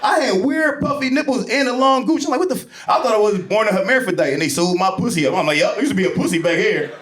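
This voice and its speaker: A man doing a crude, brash stand-up set on a club stage, breaking into shouted bits. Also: high voice, fast, reverberant. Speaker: stand-up comedian. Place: comedy club stage before a laughing audience.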